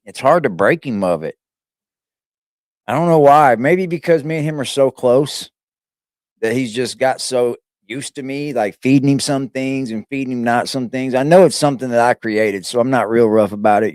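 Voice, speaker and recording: A man's voice: medium pitch, no room sound, clean studio sound. A man hosting a casual live stream, chatting loosely and with plenty of swearing while he talks to his pet. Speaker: streamer host.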